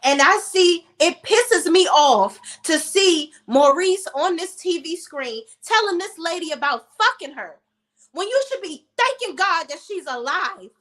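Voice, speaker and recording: A woman's voice: very high-pitched, expressive, a little slow, a bit bright. A woman giving heated, profane commentary on a reality TV show, blunt and emotional. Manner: emotional while telling a personal story. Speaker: reality TV recap vlogger.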